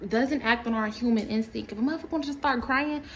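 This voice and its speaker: A woman ranting casually to camera, animated and profane, rambling with laughs along the way. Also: a little high, quick pace, a little hiss or hum, rough recording. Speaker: storytime creator.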